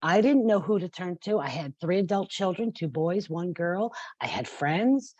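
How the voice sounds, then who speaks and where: Woman, 50s, podcast guest, husky lower voice, emphatic and passionate. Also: darkish tone, muffled recording. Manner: passionate, emphatic, laughs and turns tearful. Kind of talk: podcast interview.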